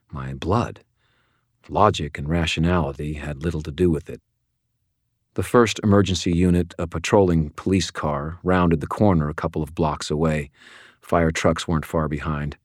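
Brief: deep male narrator, steady and wry, dry close studio sound. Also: no room sound. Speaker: audiobook narrator. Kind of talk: first-person audiobook narration.

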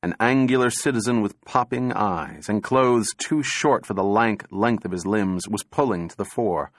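Reading an audiobook in a steady, measured manner, a man speaks in a lowish voice. It's a clean studio recording without any room sound.

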